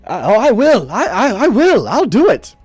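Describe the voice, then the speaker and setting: A man voicing an angry, swearing townsman who shouts threats in a raised, higher voice. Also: huge pitch swings, normal speed, breathy edge, dry recording, soft background music, full character voice. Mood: blustering. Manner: shouting threats, stammering bravado.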